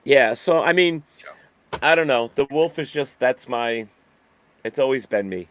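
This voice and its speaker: A man chatting casually and rambling, full of restarts and easy laughter. His voice sits at a middle pitch and sounds dry and close, with little room around it. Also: expressive, a little slow, fairly bright tone, smooth, dry recording. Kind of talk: casual chat.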